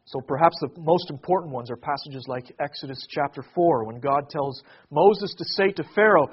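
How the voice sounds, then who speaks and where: Husky-voiced man preaching a sermon. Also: fairly high pitch, normal speed, few pauses, highs cut off. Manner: preaching with rising emphatic swells and hushed drops. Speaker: pastor.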